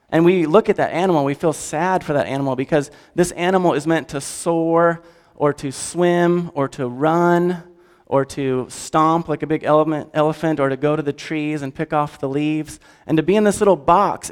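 A man gives a sermon in a casual, animated style and often turns to the audience with questions. His voice sits a little high for a man. The sound carries a long hall reverb. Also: clean tone. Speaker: pastor.

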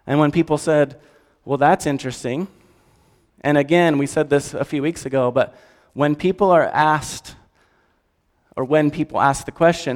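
A man preaching a sermon in a conversational, animated way and asking the audience questions. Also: a little high, measured pace. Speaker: pastor. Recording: long hall reverb.

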